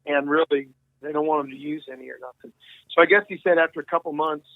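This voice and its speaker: Male interview guest, rambling storyteller, dry phone-line audio, slightly higher voice. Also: steady tone, fast talker, gravelly, no room sound. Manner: rambling, many restarts and quoted dialogue. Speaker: guest musician.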